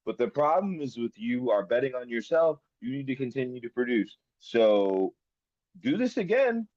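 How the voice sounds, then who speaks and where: A man's voice: medium pitch, lively intonation, normal speed, a little mellow, no echo. Chill guy talking football, mid voice, dry slightly muffled sound. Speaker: podcast co-host. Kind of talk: casual football chat.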